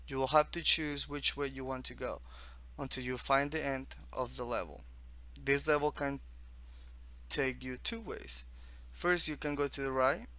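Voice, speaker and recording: A man from the East Coast of the United States casually walks through his own text game, reading the on-screen text haltingly with restarts and asides. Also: mid-range voice, fairly even intonation, bright, forceful tone.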